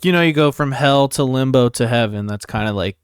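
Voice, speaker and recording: A man's voice: medium pitch, fairly quick, clean tone, no echo, studio quality. A man in casual podcast chat, bantering and joking playfully with his co-hosts. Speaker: podcast co-host.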